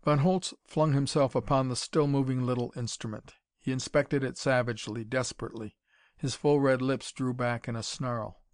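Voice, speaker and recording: A man's voice: medium pitch, steady tone, normal speed, dry recording. Man narrating a story, dry close voice. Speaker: audiobook reader. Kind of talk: scripted narration.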